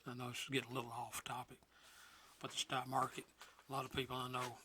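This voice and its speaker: A man's voice: medium pitch, completely flat delivery, quick pace, pushed and bright, slight background noise. A man in his sixties, the host's father, talking in a folksy, plainspoken way as guest co-host on a casual show. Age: 60s. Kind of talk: casual chat.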